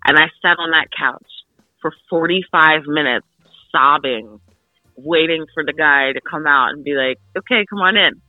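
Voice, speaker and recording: A young woman from the Philadelphia suburbs, an actress guest telling an animated story full of fillers in an interview. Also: low voice, moderate pace, dry recording, soft background music. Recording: tinny phone-line radio, dry.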